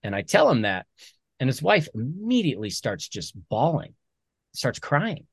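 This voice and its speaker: A man, a military veteran and author, talking earnestly as a podcast guest, animated when he quotes other people. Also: mid-range voice, normal speed, breathy edge, no room sound. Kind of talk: conversational storytelling.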